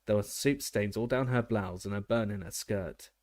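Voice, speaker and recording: A man narrating an audiobook in a steady reading voice, now and then restarting a word. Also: on the low side, moderate pace, dry recording. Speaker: audiobook reader.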